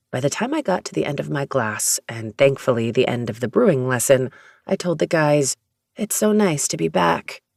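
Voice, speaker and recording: An audiobook narrator reading a first-person romance story in a steady, even storytelling manner. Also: medium pitch, creaky, no echo, studio quality.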